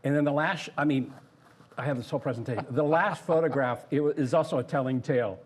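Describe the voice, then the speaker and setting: Older man telling lively stories. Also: mid-range voice, fast. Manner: lively storyteller who acts out others' words. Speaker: guest, former theme park designer. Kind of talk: casual anecdotal storytelling.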